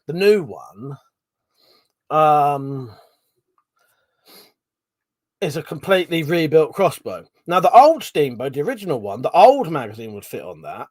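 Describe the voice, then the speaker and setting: A man's voice: fairly high pitch, dry recording. Sweary man chatting on a livestream. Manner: rambling, sweary, laughs often, greets viewers by name. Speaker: livestream host. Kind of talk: casual live-stream chat.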